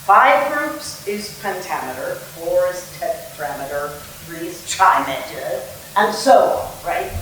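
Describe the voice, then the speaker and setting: A woman's voice: fairly low pitch, sing-song, slow, a bit bright, slight background noise. A woman theatre director giving a playful lecture on verse meter, acting out rhythms as she explains. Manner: playful, sings and acts out rhythms. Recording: echoey room, mic at a distance.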